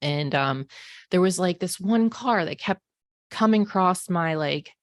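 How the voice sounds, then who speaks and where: She has a lowish, animated voice and talks a little slowly, peppering her personal story with "like" and "um." A psychic medium and podcast host in her forties, she keeps it casual and chatty. No room sound is audible.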